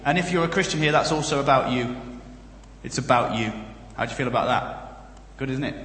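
Jokey Northern English preacher, bright and echoey. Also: male voice, medium pitch, brisk, slight background noise. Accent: generic Northern English. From Northern England. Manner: jokey, storytelling, lively asides. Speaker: guest preacher and comedian. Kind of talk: comic sermon. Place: church.

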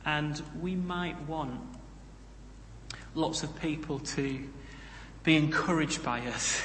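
A man preaches a sermon conversationally, dropping in humorous asides, in a fairly high, fairly bright voice and taking it slowly. The recording is from an echoey hall with roomy reverb and slight background noise.

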